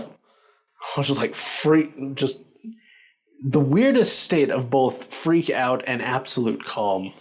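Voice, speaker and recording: Male storyteller, mid-pitched, animated casual delivery, lots of fillers. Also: a little slow, husky. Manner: animated, acts out quoted lines, filler-heavy; laughs while telling.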